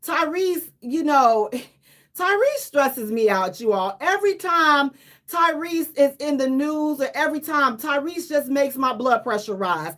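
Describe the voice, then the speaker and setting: A woman radio host giving casual, animated commentary, emphatic and repeating herself for effect, with laughs between lines. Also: sits high, unhurried.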